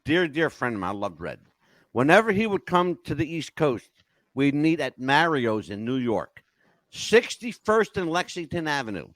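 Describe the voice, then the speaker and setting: An older man hosting a podcast, telling stories in a lively, emotional casual chat. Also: a little high, moderate pace, dry recording. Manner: animated storyteller, emotional swings. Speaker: podcast host.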